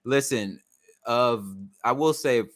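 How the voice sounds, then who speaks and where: A man's voice: mid-range voice, slow pace, no room sound, studio quality. A man co-hosting a casual sports podcast, joking and riffing with lots of restarts. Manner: animated, jokey, lots of restarts. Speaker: podcast co-host.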